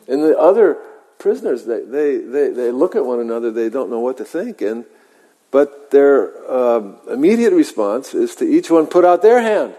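A man, a meditation teacher, telling a story in a measured, reflective way with halting pauses, in a meditation hall. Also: mid-range voice, big pitch swings, mellow. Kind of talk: dharma talk storytelling. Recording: long hall reverb.

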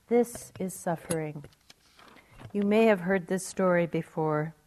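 Slow, reflective older woman giving a dharma talk. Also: medium pitch, a little mellow. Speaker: meditation teacher.

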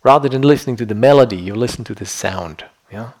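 A man's voice: medium pitch, quick pace, darkish tone. A middle-aged man giving a meditation teaching, reflective and conversational, often checking in with "you know" and "yeah". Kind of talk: dharma talk.

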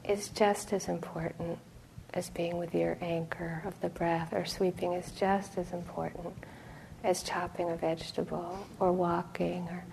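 Gentle woman giving a dharma talk. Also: on the low side, level tone, unhurried, gravelly, slight background noise, rough recording. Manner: gentle and conversational, with frequent laughter and soft whispered asides. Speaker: meditation teacher.

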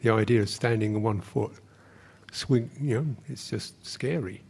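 Gravelly, husky-voiced male meditation teacher. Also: lowish voice. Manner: slow, halting phrasing with many pauses; drops to a soft whisper on repeated phrases. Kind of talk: meditation retreat dharma talk.

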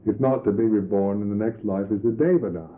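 A Buddhist monk teacher giving a reflective meditation talk, pausing and restarting his phrases often. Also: fairly low pitch. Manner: slow, reflective, halting with restarts. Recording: tinny lo-fi old recording.

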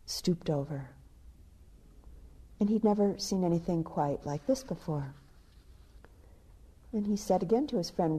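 Husky low-voiced woman teacher. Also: animated, unhurried, long pauses. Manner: soft, storytelling with hushed passages. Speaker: meditation teacher. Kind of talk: dharma talk.

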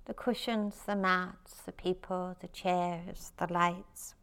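A woman meditation teacher giving a dharma talk, slow and reflective, often softening to near a whisper. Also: fairly low pitch, flat delivery, smooth.

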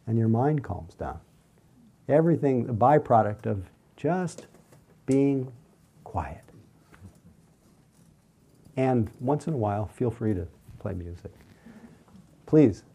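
Male meditation teacher, deep-mellow timbre, soft and unhurried delivery. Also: slightly rough. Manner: gentle, unhurried, soothing. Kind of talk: mindfulness talk with questions.

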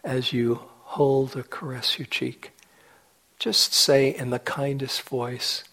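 A male meditation teacher giving a talk at a retreat, his voice at an ordinary middle pitch. He speaks very slowly and tenderly, easing into quiet, whispered moments. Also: low-quality recording. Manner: gentle, unhurried, with soft whispered asides. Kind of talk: dharma talk.

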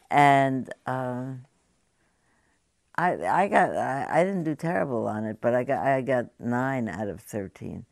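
A woman meditation teacher talks to a group in a conversational, halting way, now and then asking her listeners questions. Her voice has a gravelly edge and sits at a middle pitch. The sound is dry and close, with little room echo. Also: a little mellow. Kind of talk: dharma talk to a group. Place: meditation hall.

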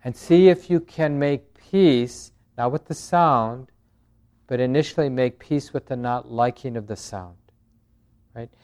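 A man teaching a meditation class, speaking in a calm, gentle way and answering questions from the group. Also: medium pitch, a little slow, clear, resonant tone. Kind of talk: dharma talk with group questions.

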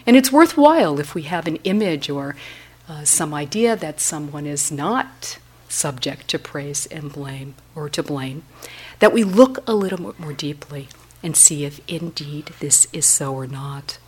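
A middle-aged woman giving a dharma talk in a gentle, reflective manner. Her voice is breathy and sits a bit low. She often sinks to a near-whisper, yet her pitch moves with lively swings. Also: unhurried. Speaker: meditation teacher.

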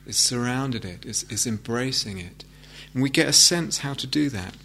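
A man giving a meditation talk, gentle and reflective, with frequent hesitant restarts. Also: mid-range voice, animated, moderate pace, vocal fry, slight background noise. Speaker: meditation teacher. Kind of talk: dharma talk. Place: meditation hall with audience.

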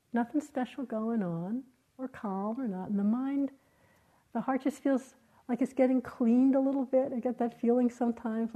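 A woman meditation teacher giving a dharma talk in a gentle, reflective way, with halting, searching phrases. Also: a little high, highs cut off. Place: meditation hall.

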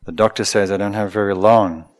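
A man reading aloud the quoted words of a frail elderly woman on her way to hospice, speaking softly and gratefully. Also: on the low side, steady tone, fairly quick, close to an everyday voice. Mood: gentle.

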